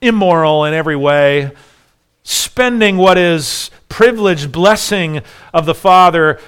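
A man's voice: on the high side, measured pace, fairly bright tone, clear, resonant tone. A man preaching a sermon, emphatic and full of rhetorical questions, often repeating his phrases. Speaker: pastor.

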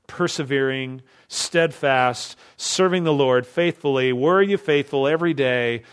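A man's voice: medium pitch, smooth. A man preaching an expository sermon, driving his points home with emphatic strings of rhetorical questions. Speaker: pastor.

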